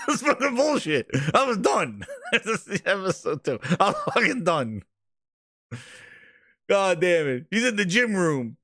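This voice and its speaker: A man hosting a casual livestream, ranting about games in a profane, excitable way with frequent laughter. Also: high voice, slow pace, long pauses, no echo, clean studio sound. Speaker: gaming news streamer.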